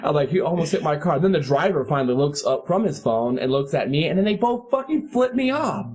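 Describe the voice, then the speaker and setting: A man in his thirties hosting a casual podcast chat, telling a profane story in an animated way and laughing often. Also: fairly high pitch, brisk, breathy edge. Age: 30s. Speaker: podcast host.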